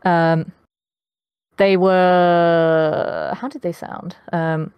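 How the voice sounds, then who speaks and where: A woman's voice: lowish voice, flat delivery, extremely slow, clear, resonant tone, no room sound, dull audio. A young adult woman with a posh British accent, chatting as a podcast guest, with lots of ums. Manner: chatty, many ums, laughs often. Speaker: guest voice actress. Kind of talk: casual podcast interview.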